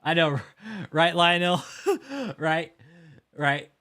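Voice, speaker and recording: A man's voice: a little high, fairly even intonation, very slow, bright, forceful tone. A man hosting a livestream, talking casually and heatedly, swearing often and mocking his target while reacting to chat. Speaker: livestream host.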